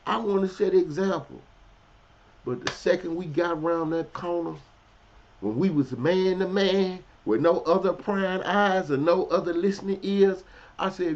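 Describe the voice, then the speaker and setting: A man telling a blunt, profane personal story in casual street slang, swinging between loud, heated outbursts and low, quiet asides. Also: unhurried. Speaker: commentary vlogger. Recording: dull, lo-fi audio.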